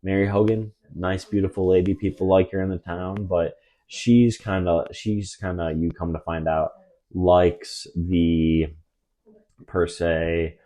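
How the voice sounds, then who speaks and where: A young man with a very deep, mellow voice rambles through a story for a podcast, full of "like" and false starts. His delivery is loose and conversational, trailing off and circling back. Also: level tone, slow pace. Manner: rambling, many fillers and restarts, drops into mock voices for quotes. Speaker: podcast co-host. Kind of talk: casual storytelling chat.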